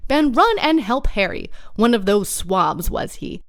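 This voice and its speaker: A woman voicing a crafty, hearty one-legged pirate landlord who talks loud and blusters, in a storybook reading. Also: medium pitch, sing-song, a little slow, no echo, studio quality. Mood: stern.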